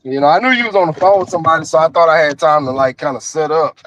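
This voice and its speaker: A caller in his forties phones in from his car at work, his higher-pitched, fairly bright voice moving very fast. He rambles casually, dropping plenty of "you know" fillers, over dull phone audio.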